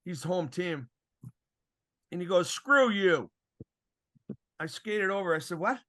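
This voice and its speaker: A man's voice: sits high, normal speed. An older man, a former referee, telling stories in a casual podcast chat and acting out the quoted exchanges. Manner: animated storyteller, acts out quoted exchanges, chuckles often.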